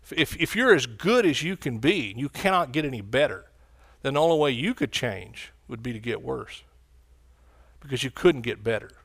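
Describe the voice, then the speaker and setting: A man's voice: medium pitch, expressive, normal speed, creaky, fairly bright tone, breathy edge. A man preaching a sermon with fervent energy, calling out to his congregation for responses.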